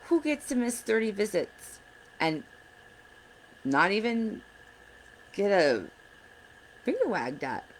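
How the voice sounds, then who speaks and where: A woman's voice: medium pitch, sing-song, slow pace, long pauses, a little hiss or hum, rough recording. A woman in her thirties giving earnest, blunt advice to other parents in a casual vlog, sounding frustrated. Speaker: parent advocate vlogger. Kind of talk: casual direct-to-camera advice.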